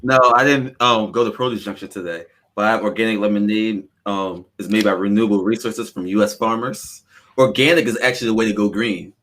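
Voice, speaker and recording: A man's voice: lowish voice, fairly quick, fairly bright tone. A man co-hosting a podcast, ranting earnestly in casual banter. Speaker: podcast co-host.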